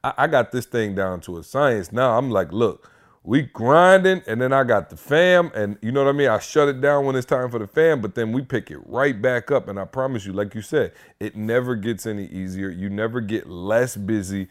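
Man, podcast co-host, lowish voice, emphatic, encouraging. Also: a little fast, hardly any pauses. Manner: emphatic, encouraging, repeats himself. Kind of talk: casual podcast chat.

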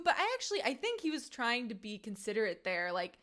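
A woman talking in a casual recap chat, in a fairly high voice with a lively swing to it. She is chatty and animated, and breaks into laughs between points. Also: a little fast. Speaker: podcast co-host.

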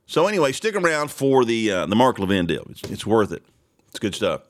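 Hosting a casual morning talk show, a man reads news items aloud and rambles through his own asides, chuckling now and then. His fairly low voice swings widely in pitch, and he talks briskly.

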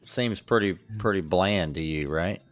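A man's voice: low-pitched, measured pace, dry recording, faint music behind. A man hosting a casual chat at a dining table, asking curious questions and laughing easily. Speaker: host. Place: family dining table, indoors.

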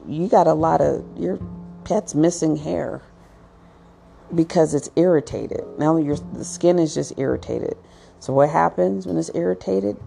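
A woman's voice: deep voice, vocal fry, mellow. A woman talking casually to viewers in a rambling, chatty monologue with acted asides and frequent restarts. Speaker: pet owner giving advice.

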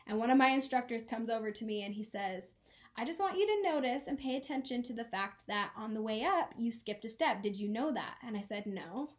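A woman's voice: fairly high pitch, lively intonation. A young woman in her twenties, a podcast co-host, telling a personal story in an earnest, emotional way. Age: 20s. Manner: earnest, emotional, quick laughs. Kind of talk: casual chat, personal story.

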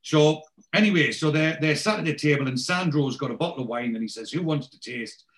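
A man's voice: on the high side, fast talker, a bit bright. A man casually recapping a TV episode. He rambles as he goes, quoting the characters and filling the gaps with ums. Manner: rambling storyteller, many fillers and quotes.

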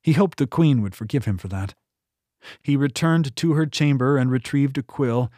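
A man reading a novel aloud in steady, scripted audiobook narration on a close mic. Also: medium pitch, moderate pace, dry recording. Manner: steady storytelling delivery.

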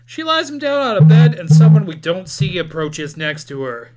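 Co-host for a comedy movie recap, lively swinging pitch, jokey narration. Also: normal speed. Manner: jokey, narrates scenes and acts out the lines. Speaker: podcast co-host.

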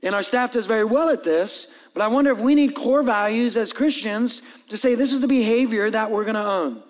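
Pastor, male, lively sermon delivery with playful asides, higher voice, big echoing church. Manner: animated, acts out dialogue and jokes with the congregation. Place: church hall with long reverb.

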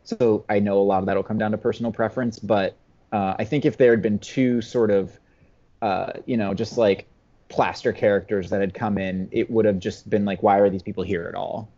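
A man's voice: lowish voice, fairly even intonation, moderate pace, dark tone, dull audio. A man talking through a film as a podcast guest in a rambling, hesitant way, often correcting himself. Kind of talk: casual film discussion.

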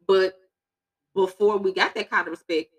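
A woman's voice: mid-range voice, fairly even intonation, moderate pace. A woman in casual chat, telling blunt, profane stories about her neighborhood.

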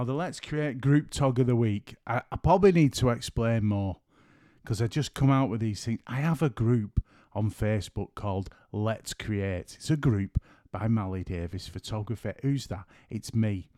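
Middle-aged guy rambling through his own podcast, cracks jokes, cuts himself off a lot, mid-pitched voice, dead dry room. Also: mellow, no echo. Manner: rambling, jokey, keeps interrupting himself. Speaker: podcast host and photographer. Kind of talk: casual solo podcast chat. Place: at home after work.

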